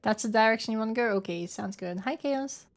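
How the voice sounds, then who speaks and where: A woman's voice: fairly high pitch, fairly quick. Woman, twenties, streamer, playful, casual gaming chat, reads chat aloud. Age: 20s. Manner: playful, giggly, thinks aloud.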